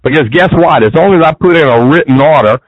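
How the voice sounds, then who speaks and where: A man's voice: a little high, quick pace, dry recording. A man talking as an interview guest in a casual, rambling way, often restarting his sentences, on a dull lo-fi recording.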